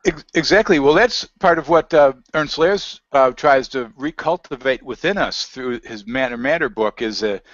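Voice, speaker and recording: A man's voice: medium pitch, moderate pace, few pauses, fairly bright tone, dry recording. A man in casual conversation, rambling through anecdotes with frequent laughs. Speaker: guest researcher. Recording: dull lo-fi audio, dry.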